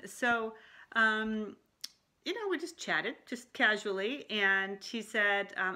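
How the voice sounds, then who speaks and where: A middle-aged woman life coach talking casually to camera in a chatty, animated way, often laughing. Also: medium pitch, slow. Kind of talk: casual talking-head vlog.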